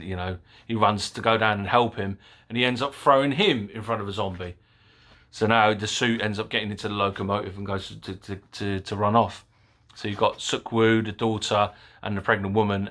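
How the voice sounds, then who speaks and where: Excitable man rambling through a film review. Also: fairly low pitch. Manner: excitable, rambling, with fillers and swearing. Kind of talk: casual movie review.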